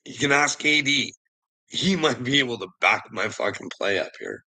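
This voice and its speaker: Male ranter, forceful and tense, heavy swearing, low mutters to shouts. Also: lively intonation, normal speed, vocal fry, husky, rough recording. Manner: laughs between lines. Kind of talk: profane emotional rant.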